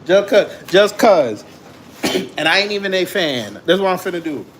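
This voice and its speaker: A man's voice: sits high, sing-song, moderate pace, a bit bright, a little hiss or hum. Teasing New man with a laugh. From New York. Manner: teasing, slangy, laughs often. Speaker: livestream host. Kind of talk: casual livestream banter with chat.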